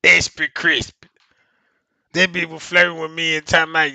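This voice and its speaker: A man's voice: little pitch movement, a little fast, vocal fry, pushed and bright, dry recording. Profane, rambling man telling comic stories. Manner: profane, laughs often, keeps asking "you know what I'm saying"; acts out quoted voices in exaggerated pitch. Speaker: comedic livestream host.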